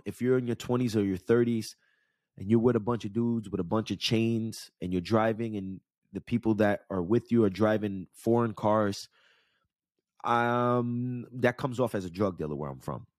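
A man's voice: fairly low pitch, moderate pace, a little mellow, no room sound, studio quality. A man in his thirties with a New York area accent, telling a personal story in a candid, conversational way and checking in with the listener. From New York / New Jersey area. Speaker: podcast host and life coach. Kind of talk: casual storytelling monologue.

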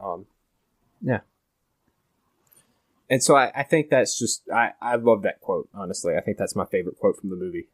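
A teenage boy co-hosts a casual podcast, musing about a film in a low, unhurried voice. He rambles thoughtfully, starting sentences over as he works out what he means. The sound is close and dry. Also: animated, no room sound. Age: teens. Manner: thoughtful, rambling, many restarts. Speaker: podcast host. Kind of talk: casual movie review chat.

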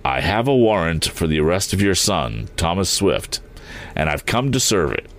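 A man's voice: low voice, sing-song, moderate pace. A man voicing a grim middle-aged police chief in a read-aloud story, stammering at first and then firm and testy. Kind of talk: audiobook character voice.

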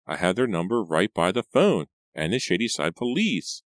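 A man's voice: low voice, big pitch swings, normal speed, no echo, studio quality, pitched above the performer's own voice. A man voicing a caring, anxious teenage girl in an audiobook, asking urgent questions.

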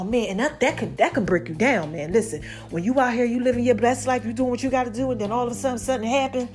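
A chatty, animated woman vlogging straight to her viewers, out of breath as she talks. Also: a little high. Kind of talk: casual talk to camera.

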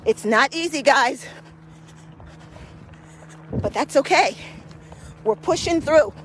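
A woman's voice: sits high, expressive, slow pace, slight background noise. A woman guiding a hill walking workout while out of breath, encouraging and motivating listeners as she climbs outdoors. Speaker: fitness coach. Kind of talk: guided walking workout podcast.

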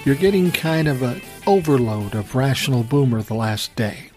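A man's voice: mid-range voice, a little mellow. An older man hosting his own podcast, telling rambling, profane stories with self-amused laughs in a casual solo chat. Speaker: podcast host.

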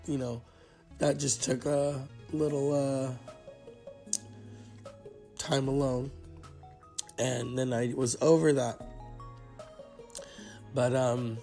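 A man's voice: medium pitch, creaky, darkish tone. A man hosting a solo podcast, ranting in a sarcastic, profane, rambling way. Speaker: podcast host. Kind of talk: casual solo podcast rant.

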